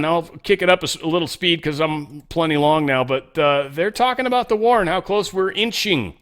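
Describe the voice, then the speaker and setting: A man's voice: on the high side, fairly bright tone. A man hosting a show, giving rambling, sarcastic political commentary. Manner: rambling, sarcastic, mock voices. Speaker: podcast host.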